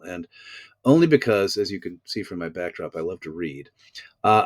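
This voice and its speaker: An actor appears as a guest on a video-call interview from a home room with a bookshelf behind him. His voice is lowish and the recording dry, and in this casual chat he tells stories in a wry, theatrical style with vivid wordplay.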